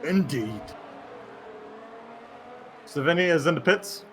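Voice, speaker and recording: A man's voice: on the high side, expressive, slow, soft background music. A man co-commentating a live sim race in a dry, teasing way. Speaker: sim racing caster.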